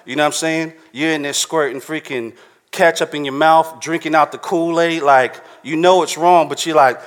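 A man's voice: a little high, fast talker. A man preaching a sermon to a live congregation in a casual, slangy, conversational way, often checking in with his listeners.

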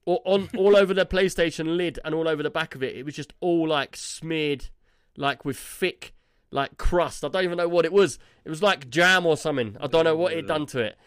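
A man spins a long, rambling anecdote for his podcast co-hosts, peppering it with "yeah?" and "like". His voice sits a touch high for a man. The sound is dry and close, with no room around it. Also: a little fast, a bit bright, clean tone, dry recording. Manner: rambling, tags lines with "yeah?" and "like". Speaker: podcast co-host. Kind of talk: casual storytelling chat.

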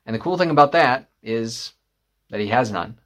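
A young man preaches a sermon in a medium voice. His delivery is conversational, with frequent pauses and "uh" fillers between phrases. He tells his story in a plain, earnest way and leans harder on key points as he preaches. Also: mid-range voice, lively intonation, fairly bright tone. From northern Michigan. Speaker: pastor.

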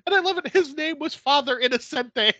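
A man hosting a casual movie recap podcast, telling stories in an animated way, laughing often and swearing freely. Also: extremely high pitch, brisk, no echo. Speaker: podcast host.

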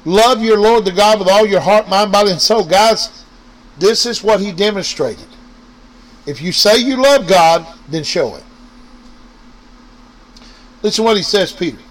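A man delivers an informal sermon over a radio or podcast mic. His voice sits a little high, and he keeps turning to his listeners, driving each point home by repeating it. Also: measured pace, pauses often, low-quality recording. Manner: preachy, repetitive, addresses listeners directly. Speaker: preacher. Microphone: online radio or podcast mic.

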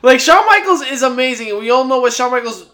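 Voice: sits high, animated, fast talker, bright, forceful tone. A podcast co-host in casual chat, laid-back and teasing, talking easily about wrestling history.

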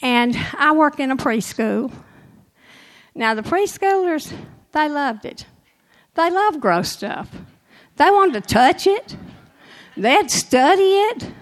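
Older woman, church testimony, emotional storyteller, slightly high voice. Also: sing-song, slow, long pauses, rough recording. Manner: emotional, storytelling with laughs and quoted dialogue. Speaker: church member giving testimony.

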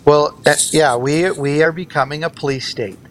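Appearing as a guest in an interview, this gubernatorial candidate argues his politics with earnest emphasis, circling back to the same phrases. He speaks at a normal speed in a steady tone that sits on the high side.

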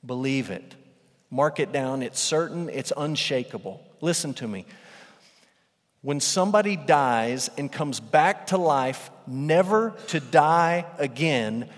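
A man preaching a sermon as pastor, emphatic, repeating phrases for weight. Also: fairly high pitch. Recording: long reverb of a large hall.

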